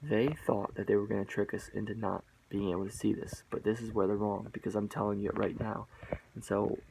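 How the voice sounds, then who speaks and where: A man with a low, gravelly voice delivers a mock sermon straight to his viewers. He circles back on his points, repeats lines for emphasis, and calls the audience guys and bro. A faint hiss sits under the recording. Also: flat delivery, fairly quick. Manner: repetitive, emphatic, rambling.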